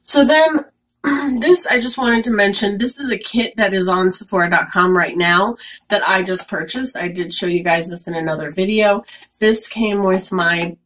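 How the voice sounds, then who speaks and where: A woman's voice: mid-range voice, moderate pace, fairly bright tone. A young woman giving chatty, enthusiastic product recommendations in a casual beauty vlog, with frequent fillers. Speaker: beauty vlogger.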